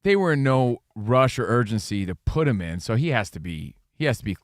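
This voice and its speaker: A man's voice: medium pitch, big pitch swings, brisk, no echo. Middle-aged male co-host, playful riffer, dry close mic. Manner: playful, riffing banter. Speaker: sports show co-host. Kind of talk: casual sports talk.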